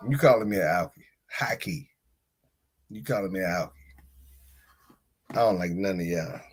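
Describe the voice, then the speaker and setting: A man hosting a podcast, telling a story in a casual monologue. He talks in slang and swings between loud outbursts and low mutters. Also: moderate pace, a little hiss or hum. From United States. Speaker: podcast host.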